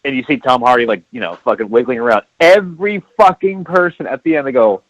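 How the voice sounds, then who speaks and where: A man's voice: mid-range voice, fast, no room sound, rough recording. Profane storytelling man, dry mic. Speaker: podcast guest. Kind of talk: casual podcast chat.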